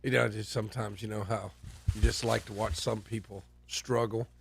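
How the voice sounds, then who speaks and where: Gravelly teasing man on sports radio. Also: lowish voice, level tone, moderate pace, dry recording. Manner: dry teasing humor. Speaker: sports talk regular and teacher. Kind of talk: casual radio banter.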